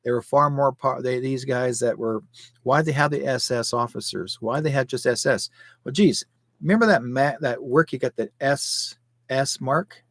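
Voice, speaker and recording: A man's voice: mid-range voice, moderate pace, no room sound. A man in his sixties hosting a live commentary show, rambling and conspiratorial, firing off rhetorical questions. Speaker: show host.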